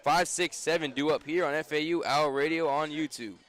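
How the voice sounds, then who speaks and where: A young man doing brisk radio play-by-play of a baseball game, his voice rising on big plays. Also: on the high side, steady tone, fairly bright tone. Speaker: play-by-play announcer.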